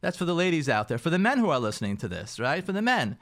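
A man, a rabbi hosting a radio show, talks through marriage advice in an animated way, often repeating himself and acting out what spouses say. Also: a little high, fast.

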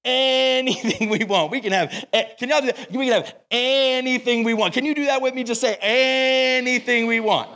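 High-voiced, energetic young man preaching. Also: moderate pace, hardly any pauses. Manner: energetic, playful, self-described as extra. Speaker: camp speaker. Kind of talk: sermon.

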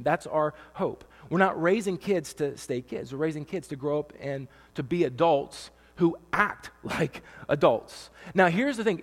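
A man's voice: on the high side, long reverb tail. A man in his thirties, a pastor preaching a conversational sermon, emotional, with many fillers and restarts. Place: church stage with long reverb.

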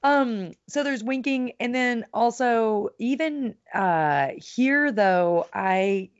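A woman's voice: a little high, animated, takes it slowly, lo-fi sound. Chatty giggly woman podcast host. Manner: chatty, giggly, lots of fillers. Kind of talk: casual chat.

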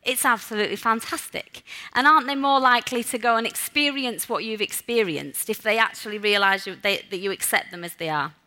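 Woman preacher, chatty sermon style with rhetorical questions, bright and a little high. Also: fairly quick, hardly any pauses.

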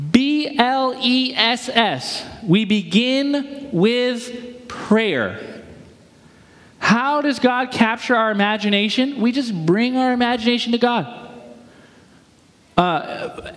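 A man's voice: sits high, a bit bright. A male pastor giving a sermon in a casual, conversational way with slang and rhetorical questions, in a church. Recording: long hall reverb.

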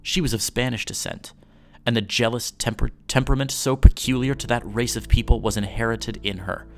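A man hosting a podcast, reading an old newspaper story aloud in a measured storytelling way. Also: medium pitch, fairly even intonation, soft background music.

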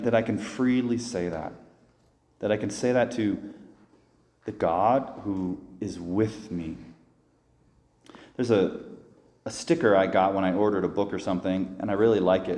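Earnest priest preaching in an echoey church. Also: male voice, fairly low pitch, measured pace, pauses often, darkish tone. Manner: earnest, conversational preaching with restarts and voiced inner prayers. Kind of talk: sermon.

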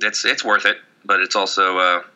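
A man's voice: low-pitched, steady tone, moderate pace, bright, forceful tone, poor audio. A young man co-hosting a casual podcast, joking and ranting with lots of swearing. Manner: rambling, profane, jokey rants. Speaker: podcast co-host. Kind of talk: casual chat.

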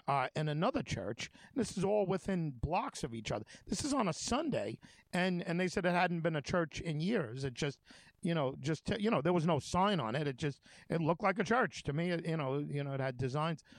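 A man's voice: a little high, no echo. A man hosting a talk show, telling stories in a rambling, conversational way with many fillers and restarts. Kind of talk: casual conversation.

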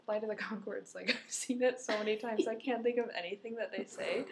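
Woman co-host, casual storyteller, quick to laugh. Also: mid-range voice, steady tone, vocal fry. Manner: chatty, laughs often, tells stories. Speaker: podcast co-host. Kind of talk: casual chat.

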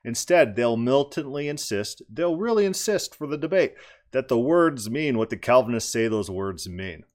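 Guy ranting through a debate clip, pushy and emphatic, average pitched voice. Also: expressive, moderate pace. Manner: emphatic, argumentative, repeats words for stress. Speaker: commentator. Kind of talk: critical commentary on a debate clip.

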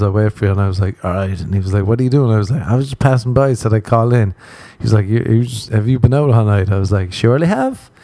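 A man's voice: lowish voice, warm tone, no room sound. A man hosting a podcast, telling crude, rambling stories and acting out the quotes in a casual comic monologue. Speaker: podcast host.

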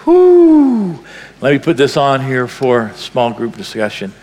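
A man's voice: medium pitch, fairly even intonation, moderate pace, a little hiss or hum. Impassioned male preacher in a reverberant hall. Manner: impassioned, swings from loud to hushed. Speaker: pastor. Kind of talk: sermon.

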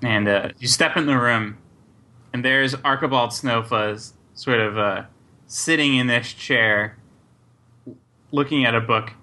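A man narrating as game master in a tabletop game, halting and full of fillers. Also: mid-range voice, sharp tone. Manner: unhurried, halting, lots of fillers.

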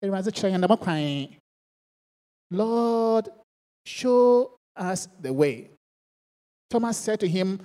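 A woman preaching a sermon, mixing English with a local language and swinging between soft and loud passages. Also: medium pitch, lively intonation, takes it slowly, long pauses, long reverb tail.

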